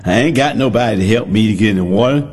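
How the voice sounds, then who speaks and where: A man's voice: fairly low pitch, quick pace, darkish tone, breathy edge, voice pushed down. Weary paralyzed man, complaining and pleading, played by a preacher, reverberant hall. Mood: grumbling. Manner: plaintive, grumbling.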